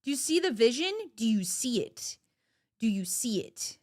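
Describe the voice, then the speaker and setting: A woman's voice: on the high side, sing-song, normal speed, darkish tone, no room sound, clean studio sound. A woman chatting casually on a live stream, playful and giggly, laughing often, her voice cracking. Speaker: livestreamer.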